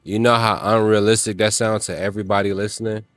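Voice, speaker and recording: Guy preaching to other men in a vlog, low voice, slangy and emphatic, super dry sound. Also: flat delivery, quick pace, fairly bright tone, dry recording. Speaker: self-help vlogger. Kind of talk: motivational monologue to men.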